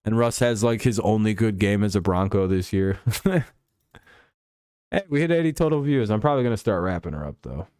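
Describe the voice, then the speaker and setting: Low, smooth-voiced man casually chatting. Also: animated, fairly quick, a little mellow, dry recording, clean studio sound. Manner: loose and joking, swears freely. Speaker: streamer hosting a football talk stream. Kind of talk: casual live-stream chat.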